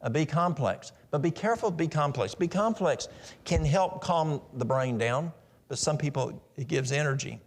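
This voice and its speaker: A man's voice: fairly high pitch, lively intonation, moderate pace. A middle-aged man giving a practical, story-filled health talk at a church in a folksy manner. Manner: folksy, practical, tells stories.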